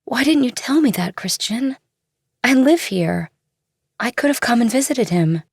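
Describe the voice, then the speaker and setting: A woman playing a caring, sorrowful young woman in an audiobook drama, pleading softly and earnestly. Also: on the high side, animated, unhurried, husky, no room sound, studio quality, heavily acted.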